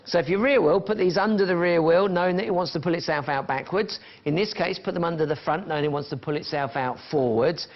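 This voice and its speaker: A man's voice: on the high side, fast talker, few pauses, highs cut off. A man presenting live on a shopping channel, chatting and counting down falling prices. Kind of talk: live TV sales pitch. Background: music.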